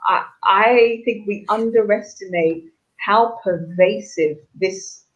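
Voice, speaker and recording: A woman's voice: medium pitch, slow, highs cut off. A woman from the UK, a guest in a casual chat, reflective and earnest, who repeats words as she thinks.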